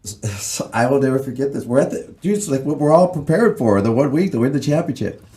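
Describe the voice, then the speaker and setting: A man hosting a podcast, chatting casually and telling a story in a relaxed way. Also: mid-range voice, fast. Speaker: podcast host. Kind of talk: casual chat.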